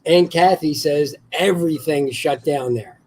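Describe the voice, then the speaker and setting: A man co-hosting a casual talk show, reacting fast and throwing in questions. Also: fairly high pitch, a little mellow, slight background noise. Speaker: podcast co-host. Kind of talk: casual chat.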